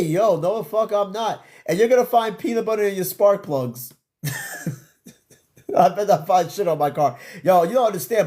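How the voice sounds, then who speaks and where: A man's voice: high voice, a little mellow. A tired man with an old-school New York accent, hosting a podcast as a casual solo live stream, rambling and swearing as he answers comments. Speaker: podcast host.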